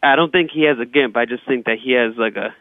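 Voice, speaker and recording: Heard on a tinny phone connection, a man with a medium-pitched voice talks fast and without echo as a comedian guest. His stories ramble casually for laughs, and he keeps stammering and starting sentences over.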